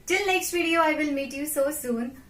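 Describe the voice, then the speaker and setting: A young woman teaching French vocabulary, slowly repeating each word several times for learners to copy. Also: high-pitched, a bit bright, echoey room. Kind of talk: vocabulary lesson with repetition drills.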